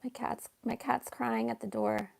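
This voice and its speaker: Woman, livestream host; soft-spoken, chatty, a touch high-pitched. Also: flat delivery, measured pace, vocal fry. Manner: soft-spoken, chatty, baby-talks to her cat. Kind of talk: casual livestream chat, reading comments.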